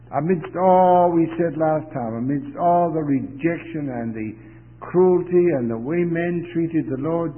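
A man preaching a sermon, reading scripture slowly and rising sharply in emphasis on commands. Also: fairly high pitch. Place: chapel. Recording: tinny phone-like sound in a reverberant hall.

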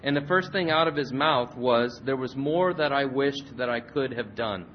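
A man preaching a sermon and leading a prayer, earnest, repeating and restarting phrases. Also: moderate pace. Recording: slightly muffled recording with faint rumble.

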